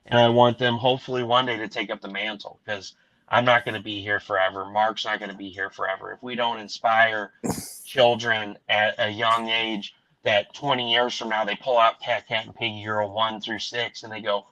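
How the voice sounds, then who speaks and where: A middle-aged man, a podcast host, talking casually and earnestly, excited and rambling as he pitches a charity comic. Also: normal speed. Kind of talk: casual chat. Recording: dull lo-fi recording.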